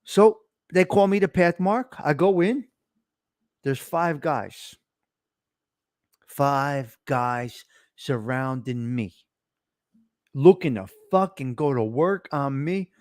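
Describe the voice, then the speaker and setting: A man's voice: fairly high pitch, takes it slowly, long pauses, darkish tone, no room sound, studio quality. A middle-aged man hosting a casual chat, telling stories in a blunt, profane, tough-guy way. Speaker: show host.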